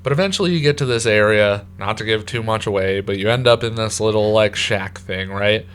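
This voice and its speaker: A man's voice: lowish voice, fairly quick, a bit bright, smooth. A young man co-hosting a casual chat, describing a haunted attraction in a laid-back way with lots of fillers. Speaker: co-host.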